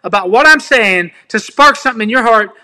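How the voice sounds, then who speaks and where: A man's voice: sits high, lively intonation, fairly quick, sharp tone. A man preaching informally, sharing personal testimony in an earnest, pleading way and speaking straight to his listeners. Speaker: ministry speaker.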